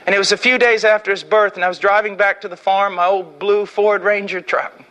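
A middle-aged man preaching an impassioned sermon, swinging from hushed, slow lines to shouted ones. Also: high voice, fairly even intonation.

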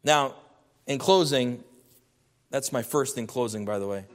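A man's voice: medium pitch, measured pace, in a large hall. A man preaching a sermon as a pastor, earnest and emphatic, his voice rising in bursts.

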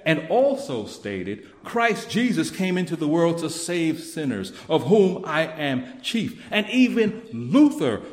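A man pastor preaching a sermon, with emphatic rising bursts and quick asides. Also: on the high side, a little mellow, roomy sound. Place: church sanctuary.

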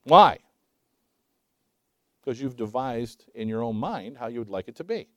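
A preaching man in his sixties who asks rhetorical questions and swings between loud emphasis and hushed asides. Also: mid-range voice, lively intonation, moderate pace, dry recording, studio quality. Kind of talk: sermon.

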